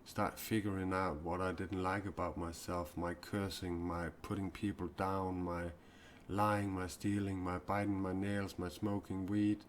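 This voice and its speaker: Low-voiced male spiritual speaker, halting and heartfelt, live-stream monologue. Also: little pitch movement, a little hiss or hum. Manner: earnest, confessional, halting. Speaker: self-described mystic and spiritual speaker. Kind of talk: improvised live-stream talk.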